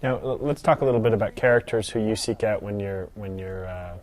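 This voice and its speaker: A male interviewer with a low voice asks questions in a measured, formal way. He speaks calmly and steadily.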